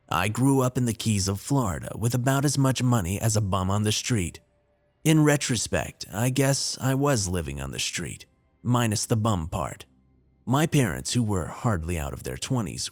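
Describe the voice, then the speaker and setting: A man's voice: lowish voice, a little mellow. A man narrating a scripted horror story in a wry, dry, confessional tone. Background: faint music.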